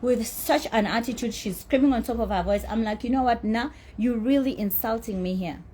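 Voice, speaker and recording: A woman with a husky, slightly high voice recounts a quarrel in a blunt, indignant way. She swears freely and sounds thoroughly fed up. She comes across as middle-aged and speaks with a celebrity's self-assurance. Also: fairly quick, warm tone. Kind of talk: heated personal storytelling.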